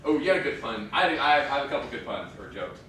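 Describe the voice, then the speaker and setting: Bright, lively man performing slam poetry. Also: medium pitch, fast talker, a little hiss or hum. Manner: jokey banter, then rhythmic spoken-word delivery. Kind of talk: stage banter and slam poetry. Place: indoor stage at a live venue. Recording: echoey hall from far off.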